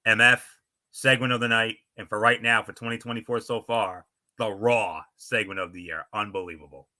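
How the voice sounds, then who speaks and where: A man's voice: fairly low pitch, steady tone, moderate pace, pushed and bright. A male podcast host reading out a wrestling recap and reacting with emphatic enthusiasm.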